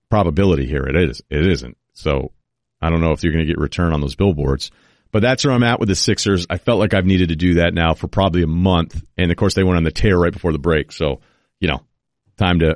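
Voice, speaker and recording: A man hosting a podcast, giving an opinionated, rapid-fire rundown of basketball teams in casual sports talk. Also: low-pitched, dry recording, studio quality. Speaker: podcast host.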